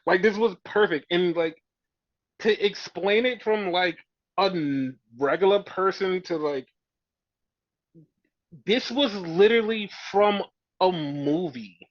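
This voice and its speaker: A man hosting a podcast, chatting casually and excitedly with many fillers as he recaps a wrestling show. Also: high-pitched, takes it slowly, pauses often, dry recording. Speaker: podcast host. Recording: dull lo-fi sound.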